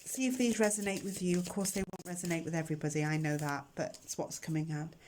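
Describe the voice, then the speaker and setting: A woman's voice: fairly low pitch, steady tone, fast, a little mellow, a little hiss or hum. A woman hosting a casual tarot reading to camera, chatty and emotional as she talks directly to her viewers, recorded indoors on a camera microphone. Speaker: tarot reader and channel host.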